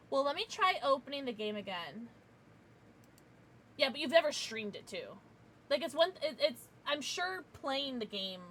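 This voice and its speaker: A woman streamer talking to her chat in a loose, chatty way, with a fairly high voice that swings up and down a lot. She swears freely and calls out viewers by name. There is a faint hiss of noise behind her. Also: a bit bright. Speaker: game streamer. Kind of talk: casual livestream chat.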